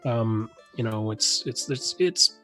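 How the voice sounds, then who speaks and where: A man's voice: mid-range voice, expressive, slow pace, bright, forceful tone, soft background music. A man running a tabletop game as game master, describing scenes with many fillers and restarts.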